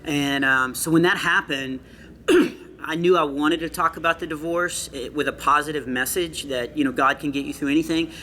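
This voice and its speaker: Middle-aged male comedian, bright slightly high voice, earnest anecdotal delivery, faint background noise. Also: fairly even intonation. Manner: earnest storytelling with quick asides. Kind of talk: casual interview chat. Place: comedy club after a show.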